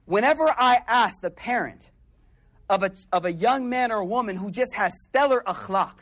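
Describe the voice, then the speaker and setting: A man's voice: high voice, expressive, moderate pace, a bit bright. A man giving a casual sermon at a religious gathering, full of street slang and acting out the people he quotes.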